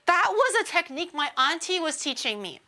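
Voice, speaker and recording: Vtuber girl rambling on stream, bright sharp voice, laughs a lot, does little impressions. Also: very high-pitched, a little fast. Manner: animated storytelling, laughs often, mimics people. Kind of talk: casual stream chat.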